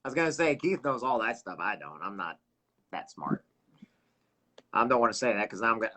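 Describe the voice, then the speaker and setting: A man's voice: medium pitch, sing-song, a little fast, pushed and bright. Rambling man hosting a casual livestream. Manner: rambling, loses his train of thought. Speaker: livestream host.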